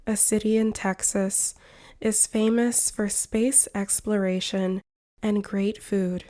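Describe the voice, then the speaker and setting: A woman from the United States reads a scripted lesson for English learners. She speaks very slowly and carefully, so every word comes through clearly. Her voice is soft and mellow, at a middle pitch. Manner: clear, careful and evenly paced. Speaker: English teacher. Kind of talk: slow scripted narration for learners.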